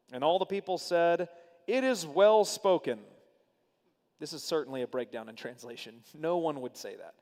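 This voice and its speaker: Animated man teaching in a reverberant hall. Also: a little high, normal speed. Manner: animated reading with casual asides. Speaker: Bible study teacher. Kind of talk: teaching Bible study.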